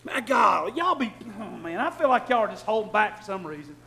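Pastor, sermon. High, bright voice; bursts into shouts, then soft asides, stumbles and repeats. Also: male voice, very animated, a little fast, vocal fry, a little hiss or hum. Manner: shifts between loud shouting and soft low asides, repeats and restarts. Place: church hall with congregation.

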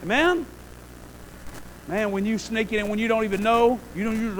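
A man preaching a sermon in a folksy, animated way, often asking the congregation "Amen?" and swinging from quiet asides to loud bursts. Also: sits high, normal speed, pauses often, slight background noise, rough recording.

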